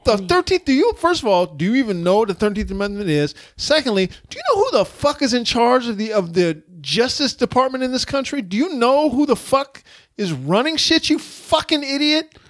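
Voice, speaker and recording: A man's voice: very high voice, big pitch swings, brisk, a bit bright, no echo. A man co-hosting a podcast in casual chat, ranting with exasperated, profane outbursts. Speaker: podcast co-host.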